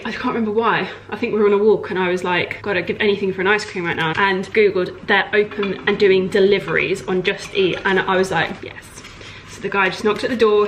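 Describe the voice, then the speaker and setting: A young woman chatting casually in a home vlog, bubbly and often dropping into a soft half-whisper. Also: mid-range voice, a little hiss or hum. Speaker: vlogger.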